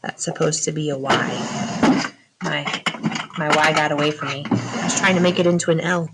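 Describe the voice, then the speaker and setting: A woman's voice: low-pitched, fairly even intonation, normal speed, very noisy. A woman teaching a phonics lesson to young students, patiently asking questions and answering them herself. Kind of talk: slow classroom phonics lesson.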